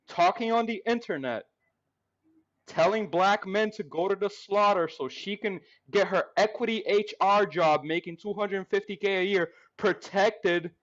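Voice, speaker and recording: A man arguing in a heated panel discussion, mocking and profane. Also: high-pitched. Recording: dull lo-fi audio.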